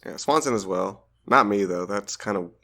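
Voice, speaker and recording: A man co-hosts a podcast with a laid-back, dry sense of humor. His voice sits a little low, and his chat stays easy and casual. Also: moderate pace, vocal fry, sharp tone. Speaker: podcast co-host.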